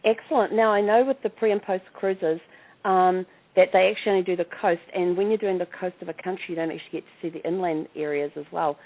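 A woman's voice: lowish voice, steady tone, fast talker. A woman with a New Zealand accent hosting a podcast interview, chatty and enthusiastic. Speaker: host. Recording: tinny phone line.

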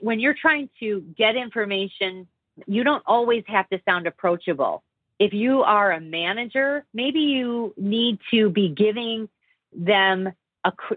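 A woman's voice: mid-range voice, no room sound. A woman communication trainer talking in an interview, explaining her points at length and demonstrating different tones of voice. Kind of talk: conversational interview. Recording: dry, phone-like call audio.

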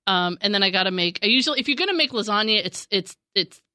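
A woman with a bright, clear voice tells stories on a podcast. She laughs often and acts out what others said. Her voice sounds close and dry, with no room sound. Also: medium pitch, fast, no echo. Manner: animated storytelling, laughs often, acts out quotes. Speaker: podcast co-host. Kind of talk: casual chat.

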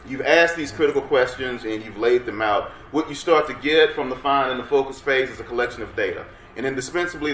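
Energetic man lecturing in a roomy hall. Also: mid-range voice. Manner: energetic, coaxes audience to respond. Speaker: workshop presenter. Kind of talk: interactive workshop lecture. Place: workshop room. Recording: roomy room sound, faint background noise.

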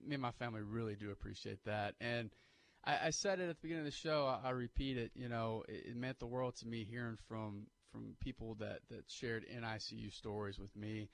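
A man, co-hosting sports talk radio on a studio mic, animated and pushing emphatic hot takes. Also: medium pitch, brisk, creaky. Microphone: studio microphone.

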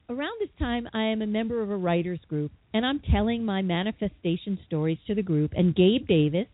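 Husky woman telling a story over the phone. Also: mid-range voice, dry recording. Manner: lively, dramatic retelling with quoted voices. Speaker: guest, psychotherapist and author. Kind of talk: animated storytelling in an interview. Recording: tinny phone line.

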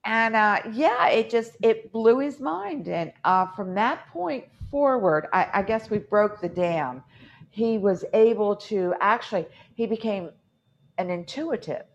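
A woman's voice: mid-range voice, lively intonation, a little slow, lo-fi sound. A woman hosting a podcast in casual chat, rambling through stories with acted-out quotes. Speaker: podcast host.

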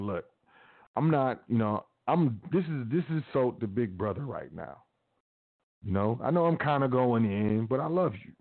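Man preaching casually over a tinny line. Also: mid-range voice. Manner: casual, preachy, repetitive urging. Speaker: podcast host. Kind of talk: motivational talk. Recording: tinny phone-like audio.

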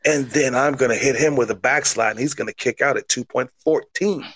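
A man's voice: mid-range voice, brisk, fairly bright tone, breathy edge, no echo. A man playing a cocky, self-hyping wrestler, delivering an overblown mock-serious promo.

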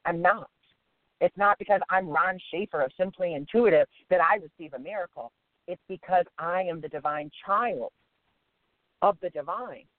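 A man's voice: high-pitched, normal speed, no room sound. A man speaking as a guest on a spiritual radio show, earnest and emphatic, repeating phrases for stress, heard over a phone line.

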